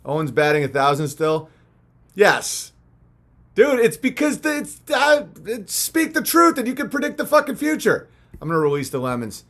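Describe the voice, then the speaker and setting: A young man with a notably high-pitched voice hosts a livestream. He rambles and rants, swearing freely and mocking the people he talks about. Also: big pitch swings, normal speed, a bit bright. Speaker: livestream host. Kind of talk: ranting livestream monologue.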